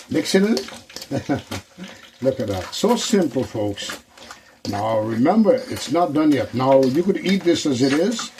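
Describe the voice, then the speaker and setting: Man with a mid-range voice, relaxed chatty cooking host talking viewers through each step. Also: mid-range voice, noisy background. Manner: chatty, repeats phrases, talks to viewers as folks. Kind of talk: casual cooking demonstration. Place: kitchen.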